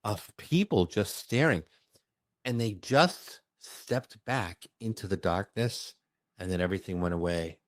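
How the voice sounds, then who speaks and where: A man who works as a medium, telling a personal story in an expressive, emphatic way during a conversation. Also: low-pitched, no echo, studio quality. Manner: expressive, emphatic, with bursts of fast speech. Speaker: medium recounting his experiences.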